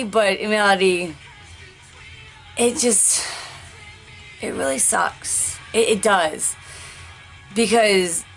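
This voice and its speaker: Woman, candid vlogger; slow, deliberate, word-searching delivery with restarts and sighs; faint music bed. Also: mid-range voice, fairly bright tone. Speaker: vlogger sharing life after a stroke. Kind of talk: candid personal vlog.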